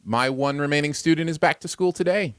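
A man's voice: on the high side, a little fast, clean tone, no echo, studio quality. A man co-hosting a casual livestream chat, playful and teasing his co-host. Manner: playful, teasing, animated intonation. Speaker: podcast co-host.

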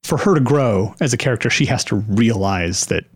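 A man's voice: lowish voice, lively intonation, normal speed, husky, no room sound, clean studio sound. A man co-hosting a casual comedy podcast, thinking aloud and correcting himself as he builds a movie plot. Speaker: podcast co-host.

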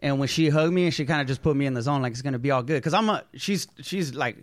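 A man guesting on a podcast, telling stories in a relaxed, slangy way and calling everyone homie. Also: mid-range voice, quick pace, no room sound. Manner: slangy storytelling, calls people homie. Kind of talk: casual chat.

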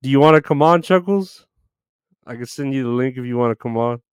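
A man's voice: medium pitch, fairly quick, clean tone, no echo. A man hosting a live stream, greeting viewers by name in loose, profane chat with frequent laughs.

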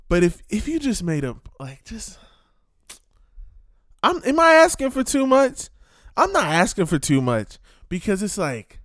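High, animated man ranting casually. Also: dry recording, studio quality. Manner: repetitive rhetorical questions, streetwise slang.

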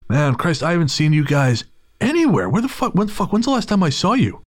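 A man's voice: fairly high pitch, big pitch swings, fast, pitched above the performer's own voice. A man putting on the voice of a wiry drifter who rambles, swears and acts overfamiliar in a told story. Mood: rambling. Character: wiry, rambling small-time male drifter.

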